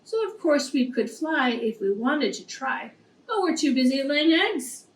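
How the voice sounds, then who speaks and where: A woman's voice: sits high, sing-song, unhurried, a little hiss or hum. A woman reading the lines of busy egg-laying farm chickens from a storybook. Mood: cheerful. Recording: echoey room, distant mic.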